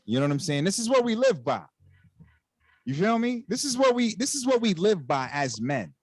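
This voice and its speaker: A man hosting a casual podcast chat, animated and fond of repeating catchphrases. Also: high-pitched, moderate pace, breathy edge, dry recording. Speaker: podcast host.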